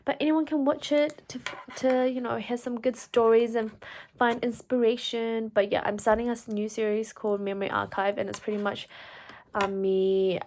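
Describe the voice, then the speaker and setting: A woman's voice: a little high, moderate pace, a little hiss or hum. A young woman, telling a personal story to camera in a chatty way, full of fillers and "like". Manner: chatty, full of fillers, animated when quoting herself. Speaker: vlogger.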